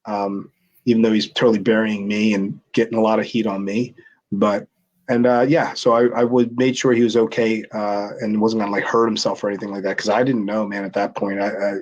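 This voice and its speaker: A man's voice: lowish voice, little pitch movement, a little fast, highs cut off. A man, a former pro wrestler, telling a story in a casual interview, acting out the quotes in a raised voice and restarting his sentences.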